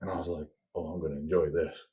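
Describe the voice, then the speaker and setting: Animated man telling a story. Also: low voice, fast talker, muffled recording. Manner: animated storyteller, acts out quoted voices. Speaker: podcast co-host. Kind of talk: casual storytelling.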